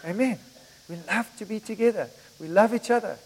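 A man's voice: high voice, fairly quick. A middle-aged man preaching a sermon in a church, telling personal stories in a conversational way. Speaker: pastor. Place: church hall. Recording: reverberant church hall.

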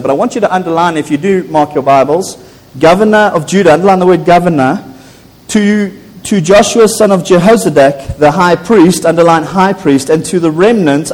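A man in his forties with a South African accent, preaching a sermon, rising to animated declarations and stumbling over repeated words. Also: sits high. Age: 40s. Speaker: pastor. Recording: long church reverb.

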